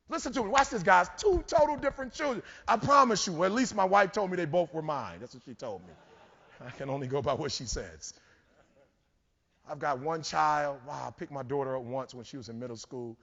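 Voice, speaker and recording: A man giving a motivational keynote, telling stories and building to shouts. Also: high-pitched, brisk, creaky. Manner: preachy, storytelling, rising to shouts. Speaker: keynote speaker. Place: large conference hall. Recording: dull hall recording with long reverb.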